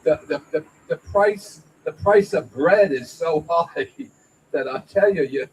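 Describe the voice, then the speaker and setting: A man works through an open-mic stand-up set, stammering and filling gaps with his own chuckles. He talks slowly in a fairly high voice. Faint room ambience sits behind him. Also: lively intonation, a little mellow, slight background noise, rough recording. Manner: halting, stammering delivery with fillers and self-laughs. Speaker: stand-up comedian. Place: small venue at an open mic night.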